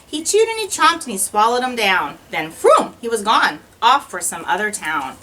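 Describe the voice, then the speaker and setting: A woman teacher reading a rhyming children's picture book aloud in an expressive, sing-song way. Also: fairly high pitch, moderate pace, distant mic, poor audio.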